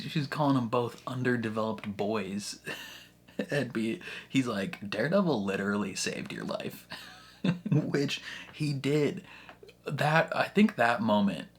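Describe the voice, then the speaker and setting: A man hosting a casual reaction video, ranting in an animated, exasperated way and swearing often. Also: on the low side, breathy edge.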